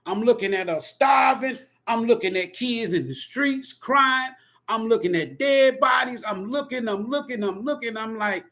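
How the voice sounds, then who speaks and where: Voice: mid-range voice, normal speed, a bit bright. Profane, emphatic tarot reader ranting. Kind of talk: impassioned spoken monologue.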